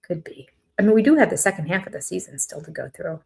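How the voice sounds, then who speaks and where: An older woman hosting a casual live-stream chat about a reality show, opinionated and animated, breaking into quoted voices. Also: on the low side, fast, vocal fry, breathy edge.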